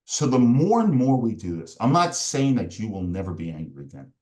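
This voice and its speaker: A performance coach on a podcast lays out his method one step at a time, now and then voicing the furious inner voices of the people he describes. He speaks briskly in a fairly low, darkish voice with big pitch swings.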